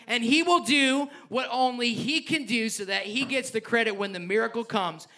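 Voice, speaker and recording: Bright, high-voiced preaching pastor. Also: male voice, moderate pace. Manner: passionate, joking asides, reads scripture aloud. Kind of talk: sermon.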